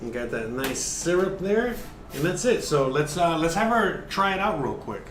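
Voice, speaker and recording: A man's voice: fairly high pitch, big pitch swings, moderate pace, a bit bright, roomy sound, a little hiss or hum. A man hosting a casual cooking livestream, chatting and explaining each step, cursing now and then. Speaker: cooking show host.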